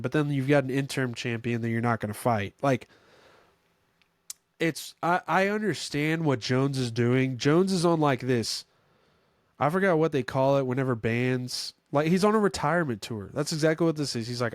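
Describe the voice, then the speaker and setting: A man hosting a casual sports podcast on his own, rambling and correcting himself, with sudden bursts of excitement. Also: mid-range voice, normal speed, no echo, studio quality. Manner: rambling, self-correcting, filler-heavy. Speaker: podcast host. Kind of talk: casual solo sports chat.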